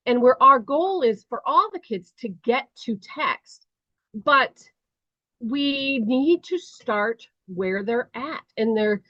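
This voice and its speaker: A middle-aged woman leads a training session, her voice sitting fairly high as she explains slowly and earnestly, pausing on ums. The recording is dry and dull, with a muffled lo-fi sound. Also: expressive, no echo. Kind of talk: conference presentation.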